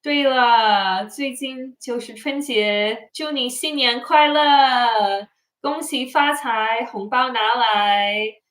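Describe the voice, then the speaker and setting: A woman's voice: fairly high pitch, takes it slowly, a bit bright, roomy sound. A tired woman hosting a casual livestream, chatting and reading out viewer comments. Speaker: livestream host. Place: home in Japan.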